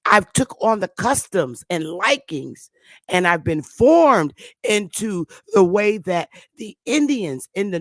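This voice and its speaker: A woman's voice: medium pitch, no echo. A woman in her fifties with a Connecticut accent, hosting a talk show and lecturing viewers in an emphatic, repetitive way. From Connecticut, USA. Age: 50s. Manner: emphatic and repetitive, drawing words out. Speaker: show host.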